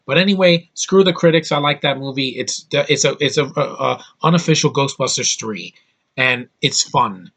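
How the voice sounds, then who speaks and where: A man's voice: mid-range voice, normal speed, fairly bright tone. A man reviewing a movie in a casual vlog, rambling and opinionated with emphatic bursts.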